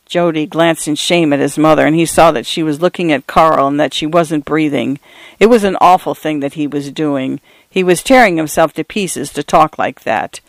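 Steady male audiobook narrator. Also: fairly high pitch, no room sound. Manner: measured storytelling, shifting tone slightly for characters. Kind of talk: scripted narration of a novel.

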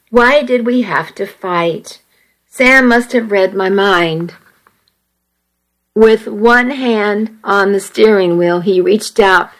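A woman reading a first-person romance story aloud in a steady, measured way. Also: medium pitch, poor audio.

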